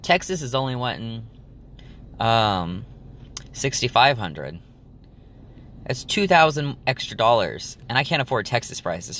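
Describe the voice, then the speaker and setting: A man's voice: fairly low pitch, a bit bright, a little hiss or hum. A young man chatting casually to his viewers, rambling with lots of ums and likes. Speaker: vlogger. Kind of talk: casual chat to camera.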